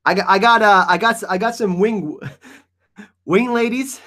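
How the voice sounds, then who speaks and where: An energetic man hosting a casual live-stream Q&A, rambling with many restarts. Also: high voice, unhurried. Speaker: YouTube channel host.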